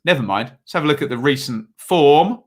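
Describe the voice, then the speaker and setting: A man's voice: fairly high pitch, expressive, brisk, breathy edge. A man hosting a casual football preview livestream, chatty and reading viewer comments aloud with lots of filler words.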